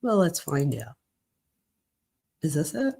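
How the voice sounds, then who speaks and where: A woman's voice: low-pitched, slow, creaky, breathy edge. Chatty woman reacting aloud. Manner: chatty, animated, reacting aloud while reading documents. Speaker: host. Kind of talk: casual commentary.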